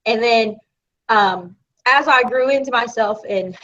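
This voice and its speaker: A woman from Florida with a Southern American accent, co-hosting a casual live chat and telling stories in an animated, chatty way. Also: a little high, a little slow. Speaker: co-host of a live video chat. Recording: dull lo-fi sound.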